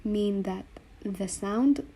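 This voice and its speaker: A woman's voice: mid-range voice, mellow, breathy edge. A woman teaching Greek letter combinations, speaking patiently and repeating each sound for the learner. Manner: slow, patient, spells out sounds and repeats them. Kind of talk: explaining letters on a board.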